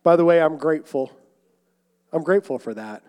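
A young man preaching a sermon, swinging between loud emphatic calls and quiet asides. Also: a little high, fairly quick. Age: young adult. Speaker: pastor. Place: church sanctuary. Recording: long hall reverb.

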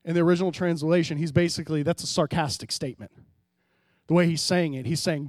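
A man pastor preaching a sermon, swinging between hushed, low passages and loud, emphatic rises, often calling out to the congregation. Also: expressive, moderate pace, pauses often, dry recording, clean studio sound. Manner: preaching with sudden drops to quiet and loud rises, calls to the congregation.

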